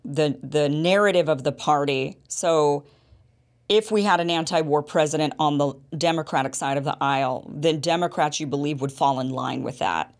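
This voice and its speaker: Animated woman host, lowish voice. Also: normal speed. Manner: animated, rhetorical questions. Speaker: show host. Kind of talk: political interview.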